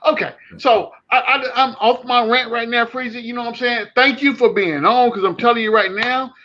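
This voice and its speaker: A man co-hosting a casual sports chat, animated and rambling, with many restarts. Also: very high voice, moderate pace, highs cut off. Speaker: podcast co-host. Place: home.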